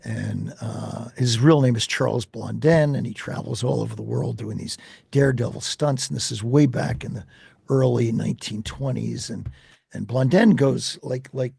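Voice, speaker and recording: A man who is a life coach and a guest, telling an animated story with repeated restarts in a gravelly, husky voice. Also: medium pitch, normal speed, no room sound, studio quality. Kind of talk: storytelling in a conversation.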